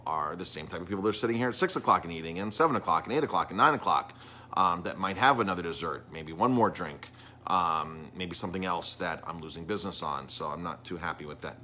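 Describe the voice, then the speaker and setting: Middle-aged new guy, restaurant owner chatting on a live stream, lowish voice, lots of ums, bit of faint room hum. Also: sharp tone. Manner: rambling, frequent ums and restarts. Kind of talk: casual live-stream talk.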